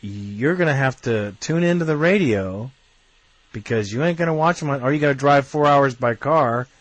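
A man's voice: on the low side, dry recording. Heated, swearing man ranting. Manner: blunt, swears, gets heated. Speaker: fan commentator. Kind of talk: ranting video commentary.

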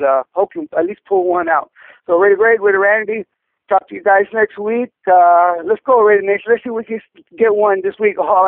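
A man rambles hopefully about the season over a tinny phone line. His voice sits high, and the call sounds dry. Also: dry recording. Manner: hopeful, rambling fan sign-off. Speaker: caller.

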